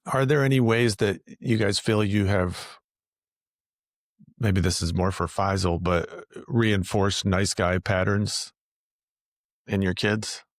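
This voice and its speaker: Slow-talking man asking a question. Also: fairly low pitch, dry recording, studio quality. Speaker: podcast co-host.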